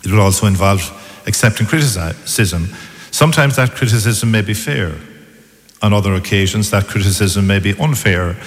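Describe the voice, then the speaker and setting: Priest giving a slow careful sermon, lowish voice, long church echo. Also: male voice. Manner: measured, deliberate preaching with pauses.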